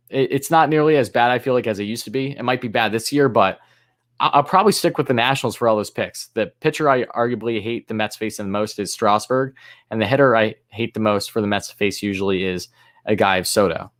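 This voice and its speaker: Fairly low in pitch, brisk, and a bit bright, this man's voice carries a live fan stream he hosts. Between announcer-style play calls, he answers the chat casually and somewhat hesitantly.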